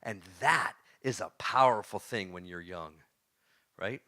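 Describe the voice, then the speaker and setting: A man giving a storytelling talk to a live audience. He is animated, laughs often, and throws questions at the crowd. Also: lowish voice, a little slow. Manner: laughs often while telling stories. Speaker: motivational speaker.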